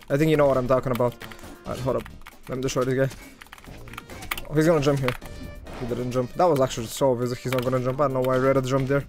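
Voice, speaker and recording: A man giving excitable live commentary over his own gameplay, talking to his viewers and swinging from loud hype to low muttering. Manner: talks to viewers as "guys". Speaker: gaming video creator.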